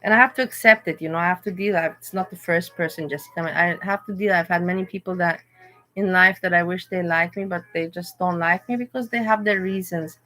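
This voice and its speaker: A woman's voice: on the low side, a little fast, bright, forceful tone, soft background music. Woman host, casual stream talk, frank and emotional, rambling. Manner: candid, rambling, emotional storytelling. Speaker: livestream host. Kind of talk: casual livestream chat.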